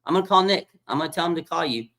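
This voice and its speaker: A doting mother keeps phoning her son, pleading in a bright, sing-song lilt pitched far above a normal speaking voice. A man puts her on in a falsetto-like tone. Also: animated, rapid-fire.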